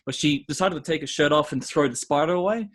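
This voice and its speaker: A man's voice: on the high side, fast. A young Australian man co-hosting a podcast, telling a story animatedly, acting out the voices and laughing often. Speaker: podcast co-host. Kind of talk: casual chat.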